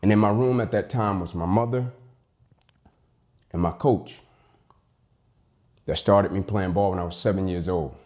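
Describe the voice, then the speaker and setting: A man's voice: sits low, measured pace, long pauses, darkish tone. A young man giving a personal storytelling speech, emphatic, acting out the dialogue he quotes. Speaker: motivational speaker.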